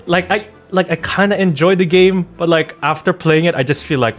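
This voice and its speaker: A man's voice: high-pitched, moderate pace, few pauses, soft background music. A man chatting casually as a game streamer and voice dubber, rambling and filling his talk with "like", with laughing asides. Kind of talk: casual gameplay chat.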